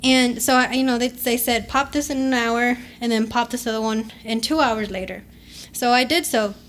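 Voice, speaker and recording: A woman co-hosting a podcast, telling a story in casual, profane, animated chat. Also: on the high side, normal speed. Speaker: podcast co-host.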